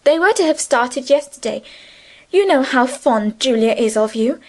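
A woman voicing a soft caring young girl friend, talks high and gentle, reassuring in an audiobook. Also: lively intonation, moderate pace. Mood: tender. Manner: tender, soothing, earnest. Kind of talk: audiobook character reading.

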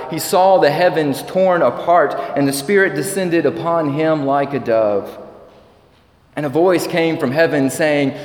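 Male pastor preaching in an echoey church. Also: on the high side. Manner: measured preaching, slowing on scripture quotes. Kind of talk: sermon. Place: church sanctuary.

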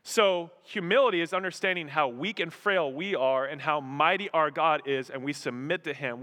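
A man preaching a sermon as pastor, animated, acting out voices and exclamations. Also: on the high side. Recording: long hall reverb.

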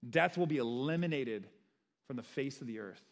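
A young man preaching a sermon in a casual, conversational way, often checking in with "right?" and shifting between loud and quiet delivery. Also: mid-range voice, normal speed, vocal fry. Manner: conversational, animated preaching with frequent "right?" asides. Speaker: pastor. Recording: long reverb of a large hall.

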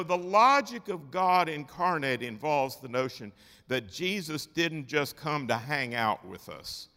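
A man preaching a sermon, emphatic, swinging between loud declarations and quiet asides. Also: mid-range voice. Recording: long hall reverb.

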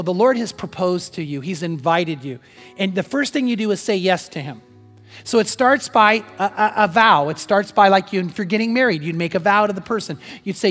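Older man, pastor, high voice, sermon, loud then hushed delivery, reverberant hall, soft music underneath. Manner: swings from loud emphatic storytelling to hushed near-whispers.

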